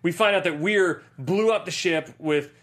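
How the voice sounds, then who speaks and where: A man's voice: fairly high pitch, normal speed. Joking man in casual movie chat. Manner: joking, animated, does silly voices. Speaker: podcast co-host.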